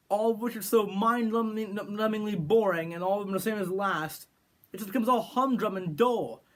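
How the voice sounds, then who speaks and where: A man from California giving an opinionated movie review rant, sarcastic and rambling with frequent restarts. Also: high-pitched. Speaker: film reviewer.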